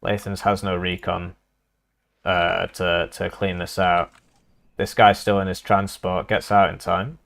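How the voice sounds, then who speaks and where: A man's voice: deep voice, flat delivery, measured pace, creaky, a bit bright. A young man casting a live strategy game match, casual and rambling with lots of fillers. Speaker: caster.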